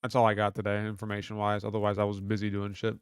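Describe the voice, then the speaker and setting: A man's voice: fairly low pitch, completely flat delivery, quick pace, clean tone, no echo, clean studio sound. A young man from Kentucky hosting a casual livestream, joking loosely, swearing often and reading chat aloud. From Kentucky, USA. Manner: loose, profane, joking banter. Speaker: livestream host.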